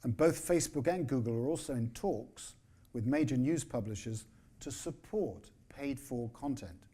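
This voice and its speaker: A husky, mid-pitched man in his sixties addresses a conference as a newspaper editor. His speech is measured and emphatic, and he slips in dry, quick asides. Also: lively intonation, mellow. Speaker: newspaper editor giving a keynote.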